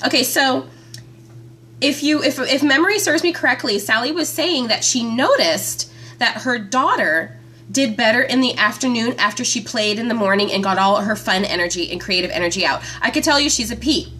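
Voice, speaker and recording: A woman hosting a live stream from her phone, chatting with viewers by name in a chatty, excitable way. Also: fairly high pitch, normal speed. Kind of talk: casual live-stream chat.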